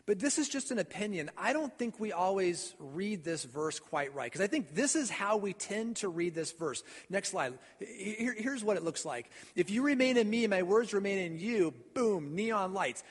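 High-voiced preacher in a reverberant church. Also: male voice, lively intonation, moderate pace, few pauses, breathy edge. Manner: earnest, repeats and stumbles on words. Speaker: pastor. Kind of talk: sermon. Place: church sanctuary.

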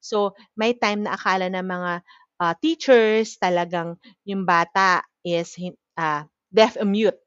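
A woman's voice: on the low side, unhurried, fairly bright tone, clear, resonant tone, dry recording, highs cut off. A woman with a Filipino accent gives an explanatory lecture on childhood anxiety. She switches between Tagalog and English and often checks in with "okay?".

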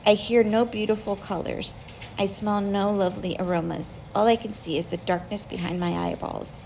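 A woman narrating a novel in the first person, reading with expressive emotion. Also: mid-range voice, normal speed, slight background noise, rough recording. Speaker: audiobook reader.

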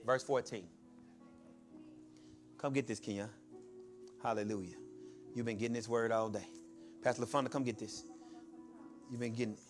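A man preaching a sermon, calling out to his congregation and building to shouts. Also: medium pitch, fairly even intonation, moderate pace, long pauses, soft background music. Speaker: pastor.

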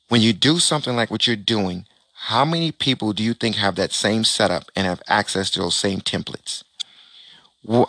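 A man speaks at a middle pitch with an emphatic, animated delivery, talking to an audience from a panel. He repeats key phrases and acts out little exchanges. The sound is dry, with almost no room in it. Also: no room sound. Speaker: real estate investor speaking on a panel. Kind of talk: motivational stage talk to an audience.

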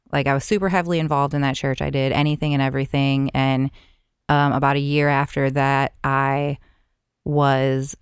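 Smooth-voiced woman telling her story. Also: extremely low pitch, no room sound, studio quality. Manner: chatty, heavy filler words. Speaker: podcast guest. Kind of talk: casual storytelling.

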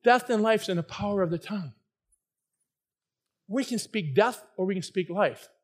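A man preaching a fervent sermon, his delivery swinging from quiet, earnest passages to loud, near-shouting bursts. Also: high-pitched, moderate pace. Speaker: pastor.

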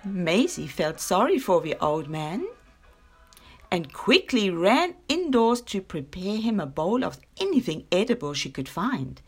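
A woman from Africa, reading a children's story aloud in an expressive storytelling manner. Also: mid-range voice, slightly rough, soft background music. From South Africa. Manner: expressive, slow-paced storytelling.

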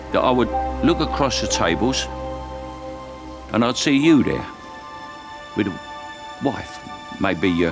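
An actor playing an older male butler, speaking gentle, wistful film dialogue. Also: lowish voice, exaggerated voice. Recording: film clip with music and rain sounds.

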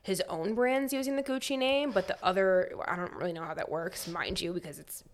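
A woman's voice: medium pitch, a little fast. A woman co-hosting a podcast, telling a story in a casual, chatty way with wry asides. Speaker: podcast co-host.

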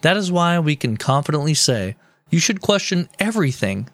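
A man's voice: a little high, sing-song, moderate pace, a bit bright, dry recording, clean studio sound. A man co-hosting a comedy history podcast, telling the story in a joking, mock-serious way with casual swearing. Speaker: podcast co-host.

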